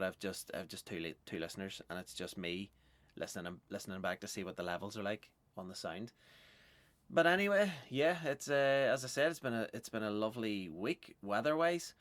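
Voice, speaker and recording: A man's voice: on the low side, animated, a little fast, a bit bright, dry recording. A man from Northern Ireland with a Northern Irish accent, a stand-up comedian hosting a podcast in a loose, self-mocking ramble with swearing.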